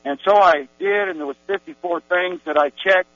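Give me a man with a slightly high voice telling his testimony, dry and close-miked. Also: animated, normal speed, creaky, dry recording. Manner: meandering storytelling with many restarts and fillers. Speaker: Christian giving a personal testimony. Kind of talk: rambling spoken testimony. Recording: tinny phone-like recording with mains hum.

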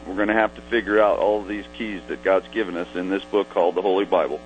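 A man's voice: sits low, fairly even intonation, fast, highs cut off, soft background music. A man co-hosting a religious call-in radio show, talking conversationally and slipping into preachy asides. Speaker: radio co-host.

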